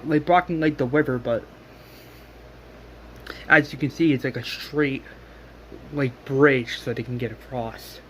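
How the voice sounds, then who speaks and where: A man's voice: on the high side, a bit bright, slight background noise. A man casually recapping a story scene by scene, rambling with many fillers and restarts. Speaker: fan retelling a story.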